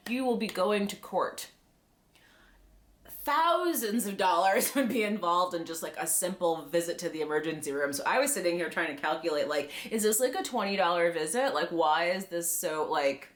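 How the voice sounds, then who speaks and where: A woman doing a casual drama recap for her channel, her voice swinging up and down with animated energy. She talks in a loose, conversational run, scattering "like" through her sentences and laughing as she goes. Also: mid-range voice, moderate pace. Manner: animated storyteller, heavy use of "like", laughs often.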